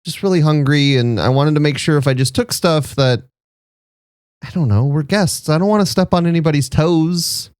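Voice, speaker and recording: A man's voice: a little high, moderate pace, darkish tone, clean tone, dry recording, clean studio sound, voice pushed up, close to an everyday voice. A man voicing a small, timid, frog-like male adventurer who stammers and apologizes. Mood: sheepish.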